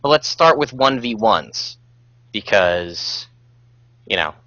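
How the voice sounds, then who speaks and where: A male podcast host with a low voice and a relaxed, rambling manner full of fillers. His tone is bright and forceful. The sound is dry and a little dull and lo-fi. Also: takes it slowly, dry recording. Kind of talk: casual podcast chat.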